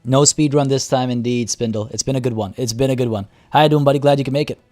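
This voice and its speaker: A man streaming a strategy game live, talking through his choices out loud and chatting with his viewers. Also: mid-range voice, fairly even intonation, fairly quick, pauses often, faint music behind. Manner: chatty, reads chat aloud and thinks out loud.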